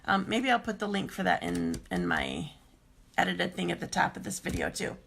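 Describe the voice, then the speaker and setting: A woman's voice: on the low side, huge pitch swings, normal speed, vocal fry, a bit bright, breathy edge. A woman hosting a live craft demonstration stream, with a scratchy voice, chatting casually and rambling with many filler ums.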